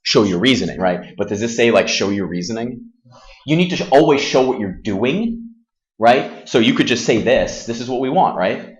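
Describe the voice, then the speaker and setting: A man teaching a calculus class in a classroom, casual and self-deprecating, firing quick questions at his students. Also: mid-range voice, animated, muffled recording. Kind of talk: classroom math lesson.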